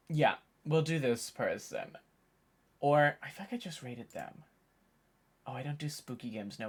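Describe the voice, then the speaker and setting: A man's voice: medium pitch, slightly rough. Tired, rambling young man streamer. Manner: rambling, chatty, thinks aloud. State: tired, voice worn from hours of talking. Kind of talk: casual live-stream chat.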